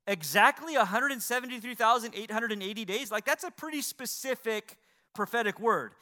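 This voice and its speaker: A man's voice: sits high, bright, forceful tone. A middle-aged male pastor preaching a sermon, building emphasis and asking his listeners rhetorical questions.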